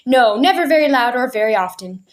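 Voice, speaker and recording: A woman reading the lines of curious, eager children from a big family, pleading and lively. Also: on the high side, brisk, lightly acted. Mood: matter-of-fact.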